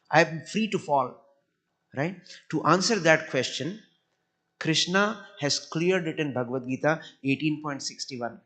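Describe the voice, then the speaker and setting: A man's voice: fairly high pitch, fairly bright tone. Earnest man giving a devotional talk. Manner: earnest, repeats words while searching for phrasing. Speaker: temple speaker.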